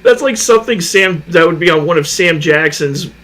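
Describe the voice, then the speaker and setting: A man's voice: on the high side, lively intonation, normal speed, a bit bright. A man chatting casually and joking, often laughing. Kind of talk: casual chat.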